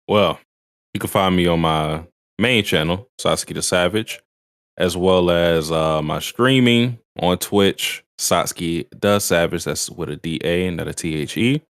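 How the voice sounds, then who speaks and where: Brief: man, podcast co-host, very low voice, easygoing plugs, dry mic. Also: measured pace, no room sound. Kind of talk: casual chat.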